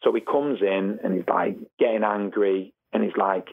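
A man's voice: moderate pace, breathy edge. A man, a former footballer, telling dressing-room stories and acting out the voices of people he quotes. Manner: animated, acts out quotes with rising pitch. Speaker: former footballer, podcast guest. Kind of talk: anecdotal storytelling. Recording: phone-line quality audio.

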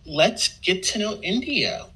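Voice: medium pitch, lively intonation, slow pace, bright, forceful tone, breathy edge, poor audio. A podcast co-host interviewing a colleague in a friendly, teasing way, with laughs slipped between phrases. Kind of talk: casual interview.

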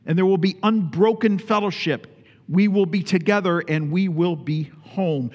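A man's voice: high voice, normal speed, long reverb tail, dull audio. A man preaching a sermon as pastor, emphatic, repeating phrases for stress and putting questions to his congregation.

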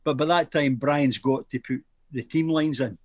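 A man's voice: medium pitch, moderate pace, no echo. A Scottish man in his fifties, a former footballer, telling a match story in casual chat, acting out quotes and laughing often.

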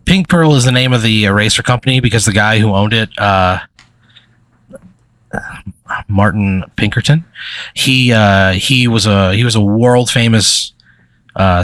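Male game master, low voice, loose rambling narration, dry close sound. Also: moderate pace, a bit bright, no echo. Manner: rambling, filler-heavy storytelling.

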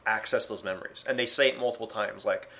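A man's voice: lowish voice, fast, creaky, bright, forceful tone. A man in a casual chat about comics, arguing his point at length and restarting his sentences as he goes. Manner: argumentative, talks in long runs with restarts. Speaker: podcast co-host discussing comics.

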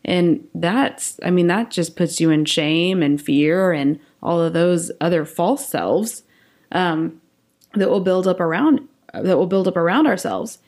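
Brief: upbeat woman co-host, slightly low voice, chatty faith podcast. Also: measured pace, a little mellow. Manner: enthusiastic, affirming. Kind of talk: casual faith discussion.

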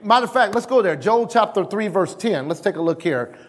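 A male pastor preaching a sermon in an emphatic way. He repeats key lines and calls out to the congregation for responses. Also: fairly quick. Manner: animated, swings between loud calls and low asides.

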